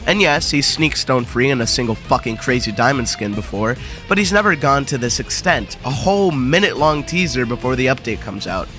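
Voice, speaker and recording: Young guy ranting sarcastically about a game update, swears a lot, bright edgy voice, light music under it. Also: medium pitch, animated, a little fast. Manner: crude, profane, mock-dramatic. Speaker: gaming video host. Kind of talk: sarcastic gaming commentary.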